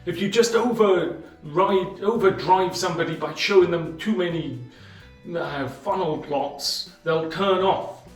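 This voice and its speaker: A man with a slightly raised voice explains a book in a measured way, leaning on pauses and emphasis. He sits a little back from the mic in an echoey room. Soft music plays faintly behind him. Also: high voice, distant mic. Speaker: channel host summarizing a book. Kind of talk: explanatory book-summary monologue.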